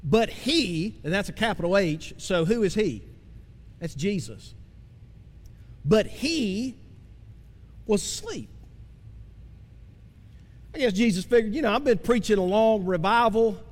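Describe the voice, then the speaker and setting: A man preaching a sermon as pastor, swinging from impassioned cries down to slow, low emphasis. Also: lively intonation. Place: church sanctuary. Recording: long hall reverb.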